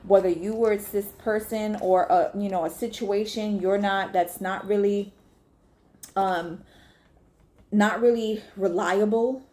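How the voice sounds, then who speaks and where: A woman's voice: mid-range voice, steady tone, measured pace, warm tone. A woman giving a casual, chatty tarot reading, swearing freely and talking straight to her viewers. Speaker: tarot reader.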